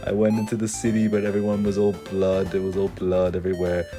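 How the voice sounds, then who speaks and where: A young man narrating a comic horror story in a rambling, deadpan way, full of "uh" and "and then", over faint music. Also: deep voice, fast. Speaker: creepypasta parody narrator.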